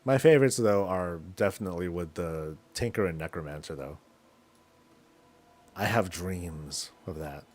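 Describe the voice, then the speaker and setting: Slangy, low-voiced male game streamer. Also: unhurried, darkish tone. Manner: loose, slangy and rambling, talking to himself. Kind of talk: casual chat while gaming.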